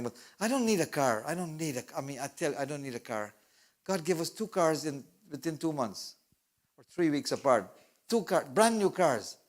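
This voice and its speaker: A man preaching a sermon, telling a personal story with acted-out dialogue and speaking English with non-native grammar. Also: fairly high pitch. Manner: non-native English grammar, swings between loud exhortation and quiet storytelling; acts out dialogue, laughs. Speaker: guest evangelist preacher. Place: church service.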